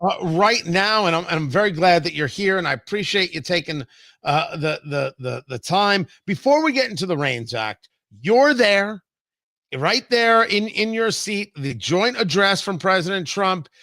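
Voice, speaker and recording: A man hosting a political talk show, opinionated and brisk, stumbling over his words now and then. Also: high-pitched, expressive, bright, forceful tone, dry recording. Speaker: radio talk show host.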